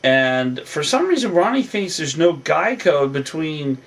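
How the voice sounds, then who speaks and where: A man's voice: fairly high pitch, sing-song, measured pace, fairly bright tone. A man vlogging a casual, rambling recap of a reality show episode, full of fillers and restarts. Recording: voice a bit distant from the mic.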